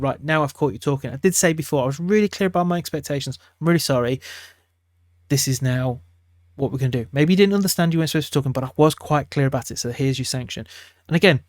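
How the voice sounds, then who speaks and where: A man's voice: medium pitch, dry recording, studio quality. A middle-aged man, a teacher giving classroom advice in a casual talk to camera, chatty and acting out quotes from teachers and students.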